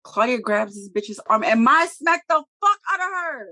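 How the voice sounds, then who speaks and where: This woman's voice is a little high and moves at a normal speed. Co-hosting a casual TV review, she retells an episode's scenes with animated, profane, slang-heavy storytelling and blunt wording.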